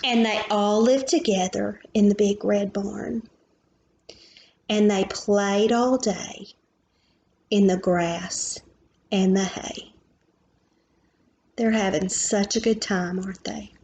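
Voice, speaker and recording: Slow, gentle woman reading a picture book. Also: mid-range voice, fairly even intonation, lo-fi sound, slight background noise. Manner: gentle and slow, asking children questions and pointing at pictures. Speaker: preschool teacher reading aloud. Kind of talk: picture-book read-aloud for young children.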